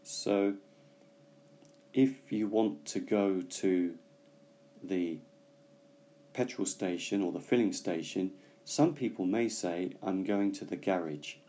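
A man gives an English lesson, weighing each word and pausing to explain. His voice sits low and mellow. He takes his time, never rushing. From Britain. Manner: slow, careful explanations with hesitations. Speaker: English teacher. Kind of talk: bilingual language lesson.

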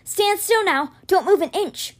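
A woman's voice: sits high, sing-song, fairly quick, voice pushed up. A woman voicing a determined boy wizard leading his friends in a storybook reading. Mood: urgent. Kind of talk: reading a children's novel aloud.

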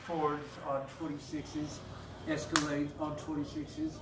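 A man, his voice a touch higher than most men's, rambles through a story with curses and fillers. He sits back from the mic in an echoey room, and steady noise hangs under his voice. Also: a little slow, distant mic. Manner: rambling, profane, heavy fillers. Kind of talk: casual storytelling.

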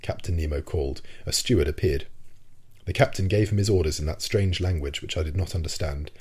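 A man narrating a classic novel in a calm, even storytelling manner. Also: low-pitched, a little fast, breathy edge. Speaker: audiobook narrator. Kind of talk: scripted narration.

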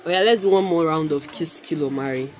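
A woman's voice: low-pitched, quick pace, rough recording. A woman hosting a casual chat with friends, playful and teasing as she runs the game rounds. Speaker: podcast host.

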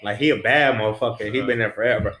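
A man's voice: medium pitch, quick pace, a bit bright. A man, a former prison officer, telling a story in casual, blunt, profane street slang. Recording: roomy echo, faint music.

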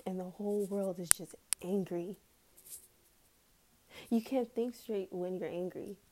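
A woman's voice: medium pitch, fairly even intonation, a little slow, dark tone. A woman ranting heatedly in a casual vlog, swearing often and breaking into nervous laughs.

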